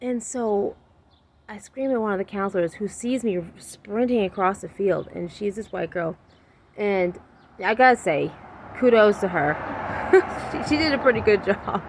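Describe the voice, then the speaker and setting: A woman telling a casual anecdote in an animated, blunt way, swearing freely and acting out her own lines. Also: mid-range voice, unhurried, a little hiss or hum. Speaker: storyteller.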